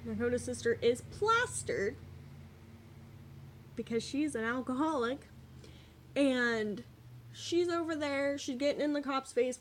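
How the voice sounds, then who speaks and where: Young woman vlogger, slightly high voice, blunt and candid storytime delivery. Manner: candid, swears freely, animated retelling. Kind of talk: casual storytime vlog.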